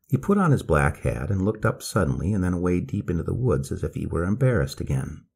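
A man reading a story aloud in a slow, measured manner. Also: low-pitched, very animated, vocal fry, a little mellow, husky.

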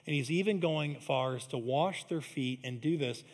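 A man's voice: fairly high pitch, normal speed, big-room sound. A man preaching a sermon as pastor, in a conversational, emphatic style with frequent asides to the congregation. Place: large church hall.

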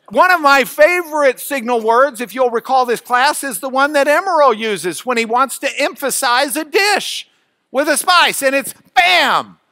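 A man's voice: high voice, sharp tone, dry recording, clean studio sound. A man teaching a Bible class, folksy and chatty, with asides and restarts. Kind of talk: classroom lecture.

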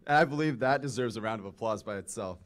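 A man introducing the next speaker on stage at an event, in a brisk announcing manner. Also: fairly low pitch, noisy background.

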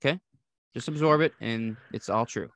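Laughing, excitable podcast co-host. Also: male voice, medium pitch, normal speed, no room sound, muffled recording. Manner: enthusiastic, laughs often, swears casually. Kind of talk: casual chat.

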